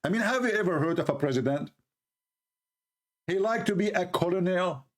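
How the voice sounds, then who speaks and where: A man giving sarcastic commentary on a video clip, speaking halting English with repeated jabs. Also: sits high, animated.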